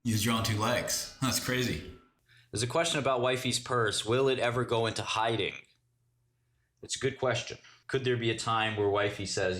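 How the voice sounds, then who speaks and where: A man's voice: mid-range voice, fairly even intonation, normal speed, fairly bright tone. A man hosting a casual livestream, mocking chat with sarcastic riffs and bursts of laughter. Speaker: livestream host.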